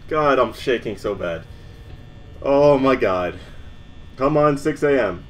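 A man's voice: mid-range voice, expressive, takes it slowly, pauses often, a little hiss or hum. A nervous young man commentating a horror game, stammering, swearing and shaking with fear. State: shaking with nerves. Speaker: gamer.

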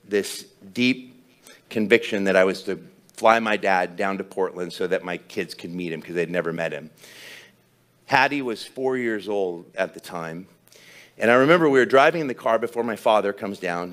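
Low-voiced man telling a sermon story. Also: a bit bright. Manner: storytelling, humorous, self-deprecating. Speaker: pastor.

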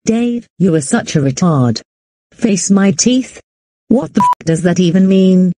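A woman's voice: mid-range voice, animated, measured pace, mellow. A text-to-speech woman's voice playing a strict adult woman who lectures and scolds in long repetitive lists. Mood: exasperated. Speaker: animated character.

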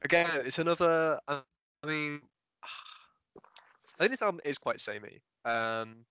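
Thoughtful man with a bright, smooth voice. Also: on the high side, takes it slowly, no echo, faint music behind, poor audio. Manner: hesitant, restarts and fillers, thoughtful. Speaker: podcast co-host. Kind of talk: casual music discussion. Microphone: video call mic.

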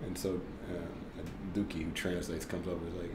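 A man in his thirties, a podcast guest and former basketball player, telling stories in a casual, animated way with lots of fillers and laughter. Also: deep voice, fairly quick, heavy background noise. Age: 30s. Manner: animated, laughing, filler-heavy with frequent "like" and "right?". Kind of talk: casual storytelling in conversation. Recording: roomy echo.

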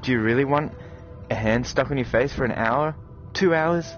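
A man hosting a gaming video, talking to his viewers in excited, animated commentary, quick to swear and exclaim. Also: medium pitch. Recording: slightly dull recording with game music.

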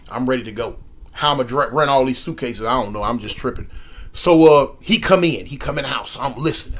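A man in his sixties from Los Angeles telling a story casually, animated, with sound effects and lots of repetition. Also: mid-range voice, fairly quick. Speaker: storyteller guest.

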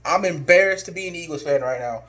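Male vlogger, high-pitched, angry exasperated rant, repetitive insults. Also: fast, bright, forceful tone. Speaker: sports fan vlogger. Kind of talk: ranting vlog.

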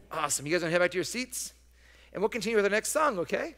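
A man leading a children's message in church, speaking gently and coaxingly, and singing a simple song slowly with hand motions. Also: high voice, big pitch swings. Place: church sanctuary. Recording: long church reverb.

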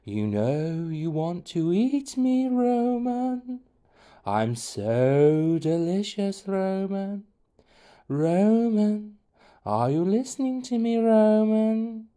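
A ghostly jam doughnut, as a male storyteller puts it on, croons in a high, wavering sing-song. It draws out every word slowly and coaxingly, tempting its listener, like a spooky figure in a children's storybook. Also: very animated, mellow, heavily acted.

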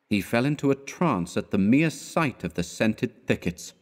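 A man with a fairly low voice reads a classic tale aloud in a measured narration. He raises his pitch when he voices the characters' lines. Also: animated. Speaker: audiobook narrator. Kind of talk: scripted narration of a classic horror story.

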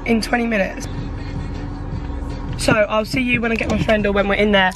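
A woman's voice: mid-range voice, fairly even intonation, normal speed, over music. A young woman, vlogging in a chatty, rambling and nervous way to her phone camera. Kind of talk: casual chat to camera.

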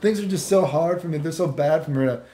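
A man's voice: a little high, fast, dark tone, lightly acted. A man putting on a whiny, self-pitying woman's voice while retelling a story. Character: whiny woman complaining to a stranger. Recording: roomy echo.

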